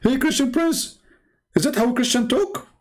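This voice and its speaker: A man voicing a sneering, mocking male critic in a taunting, squeaky tone. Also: lively intonation, normal speed.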